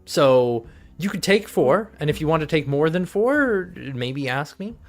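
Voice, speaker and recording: A man narrating as game master for a tabletop game, rambling with lots of fillers. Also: on the high side. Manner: rambling, filler-heavy, laughing.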